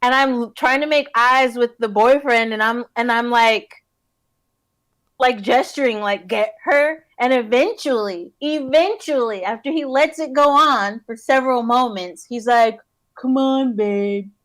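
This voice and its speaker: A woman's voice: a little high, a little slow, fairly bright tone. A woman guest in a casual interview, a giggly, rambling storyteller who fills her talk with "like". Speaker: guest, haunt scare actor. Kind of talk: casual chat.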